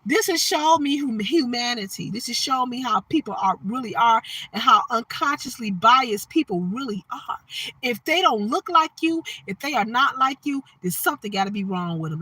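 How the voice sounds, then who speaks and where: A woman's voice: high voice, pushed and bright, breathy edge, no room sound. Emphatic woman preaching on a phone live. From Detroit, Michigan. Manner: emphatic, repeats "you understand what I'm saying". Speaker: livestream host. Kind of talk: preachy livestream monologue.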